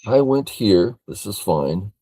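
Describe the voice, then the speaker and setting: An older man from California reviewing a board game as a teacher, thinking aloud in a slow, matter-of-fact way. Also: lowish voice, big pitch swings, dark tone, no echo.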